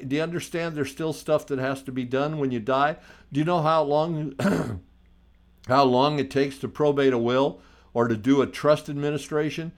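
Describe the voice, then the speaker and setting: An older man hosting a talk radio show, giving a blunt, lecturing monologue with frequent restarts and direct questions to his listeners. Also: medium pitch. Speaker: radio host and estate attorney. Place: radio studio.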